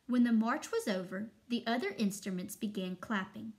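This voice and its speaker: A young adult woman, a first-grade teacher, reading a story aloud to children expressively with long pauses. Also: fairly high pitch, expressive, a little mellow.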